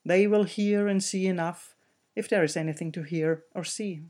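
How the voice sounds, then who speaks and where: A man voicing a stern, commanding old male wizard who speaks loudly. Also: sits high, fairly even intonation, moderate pace, close to an everyday voice. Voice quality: loud, commanding.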